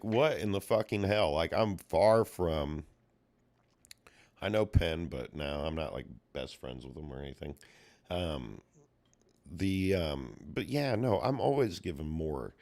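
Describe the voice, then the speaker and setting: A man's voice: low voice, vocal fry. A man streaming live, talking in a profane, heated rant with rising exasperation and mimicking other people in quotes. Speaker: livestreamer and puzzle collector. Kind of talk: ranting livestream talk.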